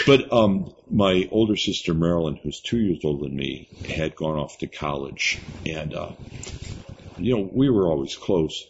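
A man's voice: deep voice, expressive, moderate pace, gravelly. An older man, an interview guest, sharing a personal faith testimony in an earnest storytelling way, often laughing and repeating words. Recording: slightly muffled recording with faint hiss.

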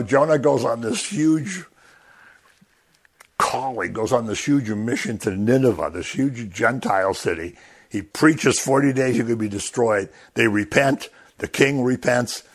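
A man's voice: medium pitch, a bit bright. A man leading a casual Bible study, talking loosely and acting out quoted lines in a raised voice, with frequent chuckles.

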